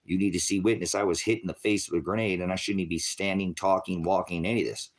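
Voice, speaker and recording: A man's voice: deep voice, fairly even intonation, quick pace. A middle-aged man preaching an unscripted sermon in a confrontational, scolding way, with profanity.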